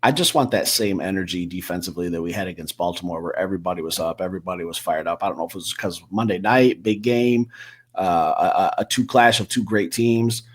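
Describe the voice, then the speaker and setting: Deep husky guy chatting football picks on a podcast, kinda rambly. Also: quick pace. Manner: relaxed, rambling football predictions with self-corrections. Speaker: co-host. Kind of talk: casual sports podcast chat.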